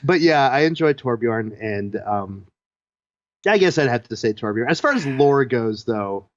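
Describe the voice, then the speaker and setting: A man's voice: mid-range voice, animated, a little slow, no room sound. A man guesting on a gaming podcast, easygoing and hesitant, laughing often. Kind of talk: casual gaming chat. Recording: dull lo-fi mic.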